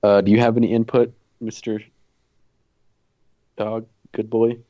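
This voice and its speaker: A man's voice: fairly low pitch, flat delivery, unhurried, mellow, no room sound, muffled recording. A man playing his character in a tabletop game, casual and thoughtful. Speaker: player. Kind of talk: in-character tabletop role-play.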